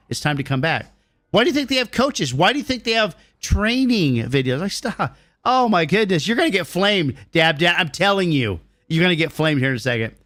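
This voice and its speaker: A man's voice: on the high side, a bit bright, dry recording, clean studio sound. A middle-aged man streaming a game and answering his chat, ranting bluntly and swearing freely. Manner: blunt, profane, riled-up ranting.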